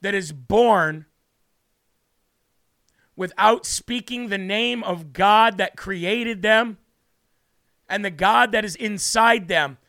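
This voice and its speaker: High-voiced man preaching slowly, near tears. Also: sharp tone. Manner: fervent, slow and emphatic, repeats words for stress. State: tearful, moved. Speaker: livestream host. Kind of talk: impassioned livestream preaching.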